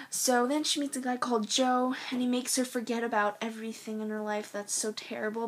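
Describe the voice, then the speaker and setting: A teenage girl recommending her favorite books in a rambling, gushing way, full of ums and likes. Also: a little high. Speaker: book vlogger. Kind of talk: casual book recommendation vlog.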